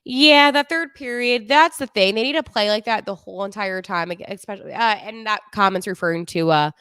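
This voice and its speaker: A woman's voice: medium pitch, a little fast, fairly bright tone, clear, resonant tone, no room sound, clean studio sound. A young woman with a New Jersey accent, hosting a casual hockey podcast in a chatty, self-deprecating way. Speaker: podcast host. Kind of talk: casual hockey recap on a livestream.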